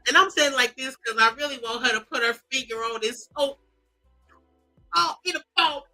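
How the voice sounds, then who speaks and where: A high, bright woman's voice, reading celebrity posts aloud and reacting with sass. She swings into mock wails and drawled asides as she comments. Faint music plays under her voice. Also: poor audio. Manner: animated, sassy, mock-crying, drawling asides. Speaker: commentary host.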